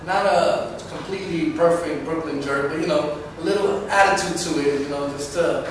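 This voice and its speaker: A man in his thirties with a fairly high voice tells his story casually and with energy, often stopping to restart a thought. He sounds far from the mic in a very echoey space, with clear background noise. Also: normal speed. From Manhattan, New York. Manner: animated, acts out quoted voices, rambling restarts. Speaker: dancer being interviewed. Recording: echoey, distant and noisy.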